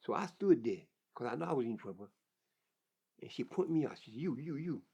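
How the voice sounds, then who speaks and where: A man's voice: medium pitch, big pitch swings, fairly quick, vocal fry, darkish tone, husky. An older man telling his life story in an interview, plain-spoken and vivid, often repeating words as he goes. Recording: dull lo-fi recording.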